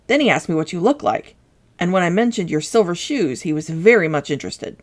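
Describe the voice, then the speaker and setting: A woman's voice: fairly low pitch, animated, brisk. A woman voicing a dutiful male palace soldier who reports matter-of-factly in a storybook reading.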